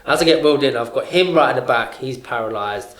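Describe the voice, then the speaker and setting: A man's voice: mid-range voice, quick pace. A young man, a podcast co-host, telling a story in casual chat, full of "like" and acting out what others said. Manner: animated, heavy on fillers, acts out what others said. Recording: roomy echo.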